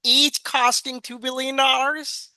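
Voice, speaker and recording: A man's voice: very high voice, little pitch movement, unhurried, bright, forceful tone, dry recording. A man hosting an interview, eager and polite, asking questions on behalf of his audience and calling his guest sir. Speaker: interview host.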